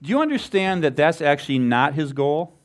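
A man preaching a sermon as a pastor, animated and asking the congregation rhetorical questions. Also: on the high side, a little fast.

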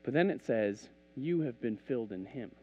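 A man's voice: mid-range voice, moderate pace, husky, dry recording, muffled recording. A man preaching a casual, conversational sermon, telling stories and acting out bits of dialogue. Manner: animated, conversational, acts out dialogue.

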